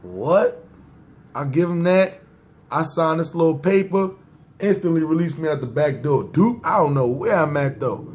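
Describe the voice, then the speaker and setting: A man's voice: a little high, moderate pace, a little mellow. A man, telling a personal story in slangy, casual talk and often checking "see what I'm saying". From New York. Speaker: podcast storyteller.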